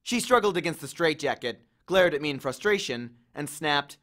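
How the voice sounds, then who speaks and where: Guy narrating a novel aloud, kinda high voice, measured expressive reading. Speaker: audiobook reader. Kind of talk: first-person audiobook narration.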